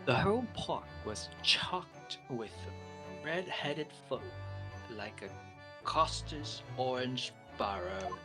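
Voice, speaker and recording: A man's voice: a little high, sing-song, slow, vocal fry, over music, full character voice. A man reading game lines aloud as an eccentric, pompous male Victorian detective with a grand, theatrical delivery.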